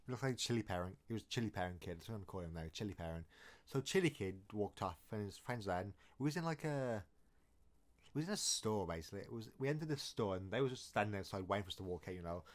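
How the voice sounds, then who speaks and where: A man's voice: lowish voice, animated, quick pace. A man telling a story in a casual, rambling, jokey way, often restarting his sentences. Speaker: storytime vlogger.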